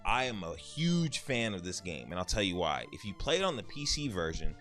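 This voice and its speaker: A man in his thirties chatting casually about games he beat, telling stories in an animated way with some swearing. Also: lowish voice, faint music behind. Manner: animated storytelling, swearing, quick asides. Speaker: gaming YouTuber. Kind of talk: casual game review chat.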